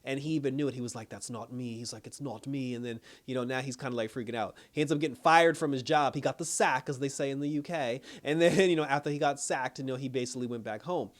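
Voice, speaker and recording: A man's voice: mid-range voice, fast, hardly any pauses. A man casually recapping a TV episode, retelling scenes animatedly, acting out the quotes and laughing often. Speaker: reviewer.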